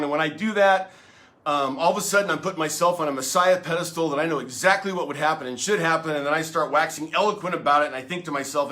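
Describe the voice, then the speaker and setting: A middle-aged man, a pastor hosting his own show, giving a casual devotional talk straight to the viewer in a chatty, folksy, animated way. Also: a little high.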